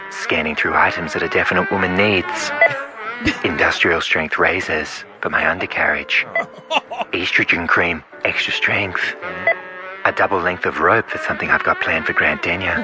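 A man playing a crude prank caller who insists he is a woman and trades in deadpan, mocking insults. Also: low-pitched, lightly acted. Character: brash crude man posing as a female caller.

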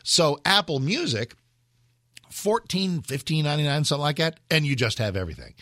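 A man hosting a radio talk show, rambling casually and jumping his voice up high for emphasis. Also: sing-song, a little fast, pushed and bright, no echo, clean studio sound.

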